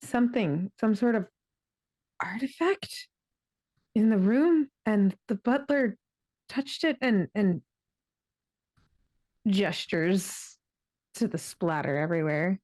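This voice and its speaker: A woman at a tabletop game session talks her way through dice math and what her character saw. Her voice sits at an ordinary pitch, casual and chatty. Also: lively intonation, slow pace, pauses often, darkish tone. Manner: chatty, thinks aloud while counting dice. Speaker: player.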